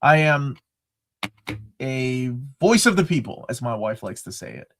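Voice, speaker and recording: A middle-aged man co-hosting a casual live chat, animated and joking, often restarting his sentences. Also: mid-range voice, a little slow. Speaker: co-host.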